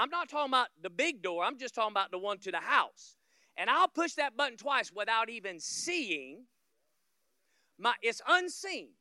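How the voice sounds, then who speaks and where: A man from Florida preaches as a guest pastor in a very bright, piercing voice. His sound is dry and close, with no room around it. He tells stories, acts out little scenes, jokes with the congregation and climbs to loud peaks. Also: extremely high pitch, clean tone, dry recording. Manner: humorous asides to the congregation. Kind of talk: sermon.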